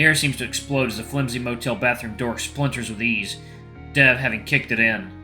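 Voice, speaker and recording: Bright-voiced man narrating a game. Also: medium pitch, normal speed, faint music behind. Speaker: let's play host. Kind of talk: reading a visual novel aloud.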